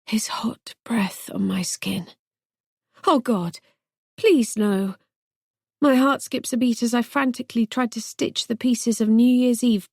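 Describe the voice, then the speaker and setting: A woman narrating a first-person thriller audiobook in a tense, measured way. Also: mid-range voice, a little mellow, no echo, studio quality.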